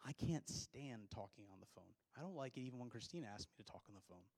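A man's voice: medium pitch, animated, quick pace, vocal fry, darkish tone. A male pastor giving a sermon to his congregation, pressing his points with rhetorical questions and dropping into plain, conversational asides. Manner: emphatic preaching full of rhetorical questions.

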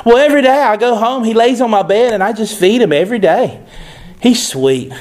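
A man's voice: high voice, expressive, brisk, darkish tone. A man voicing a strange, sweet little girl in a wide-eyed, sing-song storytelling manner. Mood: naive.

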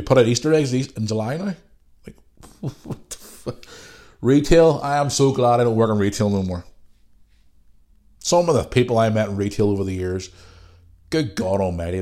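A man's voice: on the low side, a little mellow. Sweary man with a cold. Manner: ranting, sweary, loose and rambling. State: has a cold. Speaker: podcast host. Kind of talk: casual solo podcast rant.

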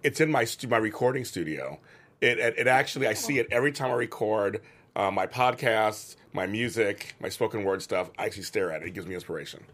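A man's voice: on the low side, fairly quick, a bit bright. A man co-hosting a casual chat show, playful and gushing, who often repeats himself. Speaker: co-host.

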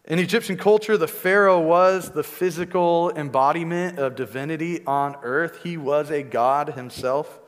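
A man's voice: on the high side, moderate pace, hardly any pauses. A male preacher giving a conversational teaching sermon, often checking in with "right?" asides. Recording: long reverb in a large hall.

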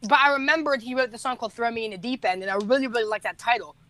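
A man's voice: extremely high pitch, racing, bright, forceful tone, dry recording. Rambling teenage guy musician. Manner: rambling, laughing, self-correcting storyteller. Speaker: musician and podcast co-host. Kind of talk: casual podcast chat.

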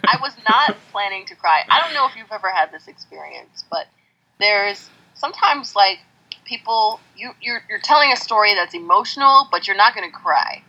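Husky woman on a muffled call. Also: mid-range voice, animated, moderate pace, pushed and bright. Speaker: podcast guest. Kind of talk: casual chat over a conference call.

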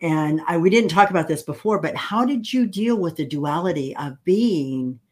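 Brief: middle-aged woman host with an expressive, moving pitch and a chatty storytelling manner. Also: normal speed. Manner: animated storyteller, laughs easily. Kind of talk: casual chat.

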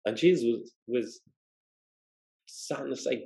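A man's voice: medium pitch, animated, normal speed, vocal fry, dark tone, roomy sound, low-quality recording. A man preaching a sermon, explaining scripture and asking rhetorical questions. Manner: expository, asks rhetorical questions.

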